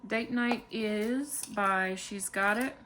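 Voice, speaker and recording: Slow, calm woman budgeting vlogger. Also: medium pitch, slight background noise. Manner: calm, unhurried, counting money aloud. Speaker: budgeting channel host. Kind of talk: casual cash-stuffing vlog narration.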